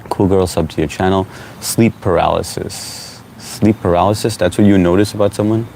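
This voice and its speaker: A man hosting a casual live stream, reading out viewer comments and greeting people by name in a relaxed, chatty way. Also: low voice, moderate pace, gravelly, slight background noise. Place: at home.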